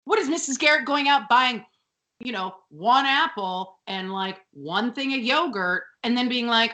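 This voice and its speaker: Woman podcast co-host, bright tone, chatty and filler-heavy, laughs a lot. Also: fairly high pitch, expressive, unhurried. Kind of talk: casual chat.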